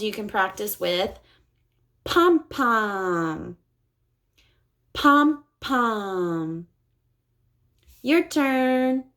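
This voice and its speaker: A woman speech-language pathologist coaching parents on home practice, modeling words slowly with exaggerated articulation and cheerful praise. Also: mid-range voice, a bit bright.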